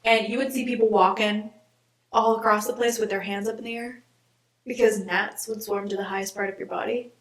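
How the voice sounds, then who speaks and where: A woman's voice: medium pitch, fairly quick. Ranting young woman, echoey distant audio. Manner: animated, exasperated ranting with frequent mild swearing. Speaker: podcast co-host. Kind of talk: casual chat, ranting. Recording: echoey, distant lo-fi remote recording.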